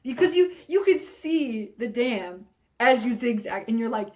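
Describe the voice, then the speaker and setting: A woman who is a trail runner, a guest on a podcast, recounting a hard race with expressive, laughing talk. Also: high-pitched, moderate pace. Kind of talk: casual interview chat.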